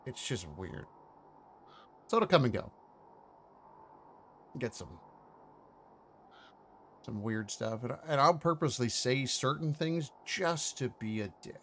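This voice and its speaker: A man's voice: medium pitch, lively intonation, slow pace, long pauses, fairly bright tone, a little hiss or hum. A man from Pennsylvania, running a tabletop game and chatting casually with joking, rambling asides. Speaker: game master.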